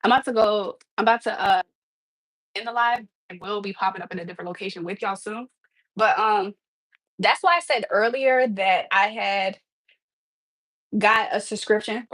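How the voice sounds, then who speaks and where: A woman's voice: mid-range voice, moderate pace, pauses often, fairly bright tone, no echo, rough recording. Chatty woman livestreaming from her kitchen, dry sound. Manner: chatty, laughs often, addresses viewers as "y'all". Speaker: livestream host. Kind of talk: casual livestream chat. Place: home kitchen.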